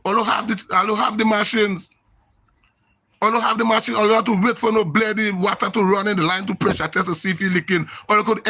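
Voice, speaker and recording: A man's voice: high-pitched, sharp tone. A man with a Grenadian accent ranting on a live social media stream, emphatic and repetitive, sounding exasperated.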